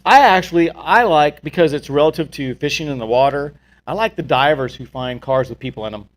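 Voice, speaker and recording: A man with a somewhat high voice hosts a relaxed talk show. He tells jokey, rambling stories full of quick asides. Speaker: podcast host. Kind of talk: casual chat.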